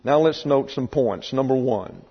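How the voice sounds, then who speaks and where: A man giving a methodical Bible lesson from his notes, measured and careful, repeating key phrases for emphasis. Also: mid-range voice, lively intonation, creaky, breathy edge. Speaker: pastor teaching Bible class. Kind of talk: doctrinal Bible teaching. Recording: dull recording with long hall reverb.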